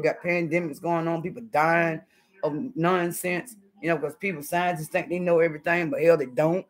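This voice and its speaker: With a deep voice, a middle-aged Southern American woman chats casually on a live stream while cooking at home. This YouTuber is sassy and blunt and cusses freely, and the recording is low quality.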